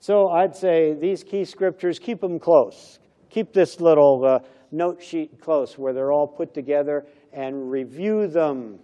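A man's voice: fairly high pitch, slow pace, mellow, highs cut off. A middle-aged pastor preaching a conversational sermon, acting out little everyday dialogues as he goes.

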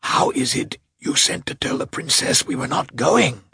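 A man reading aloud, voicing a sickly, irritable male artist in a hoarse whisper. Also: medium pitch, animated, moderate pace, no echo, clean studio sound, pitched above the performer's own voice. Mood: angry whispering.

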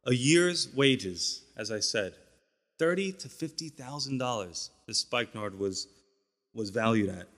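Male pastor, relaxed teaching sermon with chatty asides, recorded in a reverberant church hall. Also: medium pitch, unhurried. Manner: conversational teaching with fillers and asides.

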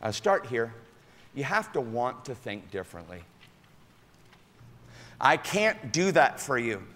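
A male pastor giving an animated sermon, calling out to his congregation. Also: medium pitch, slow. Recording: echoey hall.

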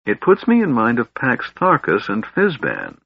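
Kender lad, read by a man: high, eager, lively, wistful; dull dry audio. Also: unhurried, gravelly, husky, heavily acted. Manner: excitable, wistful. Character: cheerful curious young kender man.

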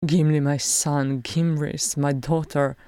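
Old dwarf dad, gruff and wheezy but soft, as a woman reads him, low and slow. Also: steady tone, no room sound, clean studio sound. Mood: tender. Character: gruff old male dwarf warrior, tender father.

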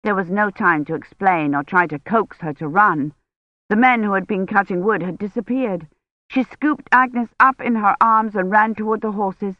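A woman narrating an audiobook in a measured, tense storytelling manner. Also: mid-range voice, no room sound, highs cut off. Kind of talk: scripted narration.

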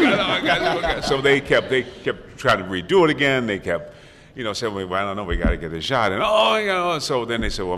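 Older guy, low voice, rambling panel story, echoey hall, bit of background noise. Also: a bit bright. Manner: rambling storyteller, many restarts and laughs. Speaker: actor on a convention panel. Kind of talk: casual anecdote telling.

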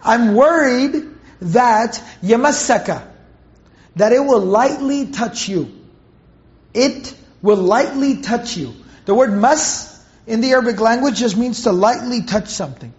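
A man with a strikingly high voice teaches a Quran commentary lesson. He breaks down each word and keeps posing rhetorical questions. The recording sounds dull and lo-fi. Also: moderate pace.

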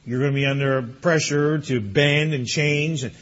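A man's voice: a little high, fairly even intonation, moderate pace, fairly bright tone, highs cut off. A man preaching as pastor to graduates, telling a story with chuckles and then urging them earnestly. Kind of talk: sermon to graduates.

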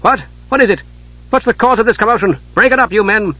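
A man's voice: brisk, sharp tone, slightly rough, no room sound, dull audio. A man voicing a stern grim knight commander. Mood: commanding. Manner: barking orders, low and tense when private.

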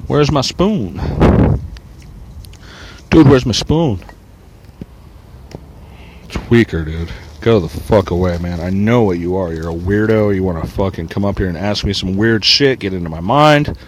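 A man's voice: deep voice, lively intonation, a little slow, long pauses, slight background noise. Irritable, profane older man rambling outdoors. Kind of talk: rambling street vlog. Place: outdoors on a city street with traffic. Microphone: small wire mic worn on body. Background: passing cars and motorcycles.

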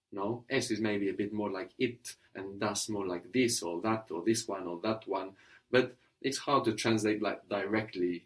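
Patient man teaching a spoken language lesson. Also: on the low side. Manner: patient, repeats answers and explains grammar step by step.

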